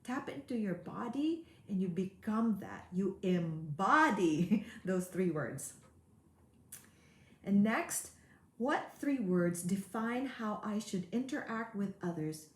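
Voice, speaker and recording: A woman coach talks through a motivational webinar in an earnest, steady way, repeating key words to drive them home. Her voice sits at a middle pitch. The sound carries a noticeable room echo. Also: slow. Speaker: high performance coach. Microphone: webinar mic.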